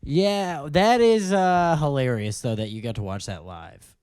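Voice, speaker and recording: A man's voice: fairly high pitch, a little slow, darkish tone, smooth, no echo, clean studio sound. A man co-hosting a podcast in casual chat, playful, laughing often and riffing on his co-host's jokes. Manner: playful, laughing, riffs on the joke. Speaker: podcast co-host.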